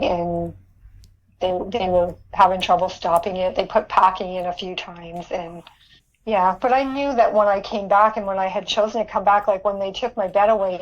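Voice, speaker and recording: A woman's voice: mid-range voice, dull audio. A woman guest on an interview podcast, recounting a personal experience earnestly, often repeating words and laughing. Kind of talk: interview storytelling.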